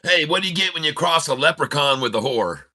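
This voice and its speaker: A man's voice: on the high side, lively intonation, fairly quick, pushed and bright. A man hosting a trading channel, telling a long joke in a rambling, casual way with many restarts before turning to market talk. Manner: rambling storyteller, laughs at own jokes. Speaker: day-trading channel host.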